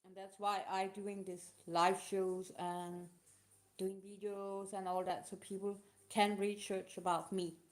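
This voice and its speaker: Emotional woman answering questions, halting. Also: mid-range voice, little pitch movement. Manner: halting, emotional, non-native phrasing. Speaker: live show host. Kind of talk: casual live talk answering questions.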